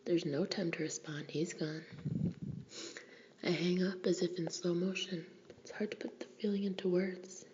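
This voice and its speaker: A woman's voice: lowish voice, fairly even intonation, moderate pace. A woman narrating a first-person novel in a whispered audiobook reading, intimate and wry. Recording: dull lo-fi recording with faint hiss.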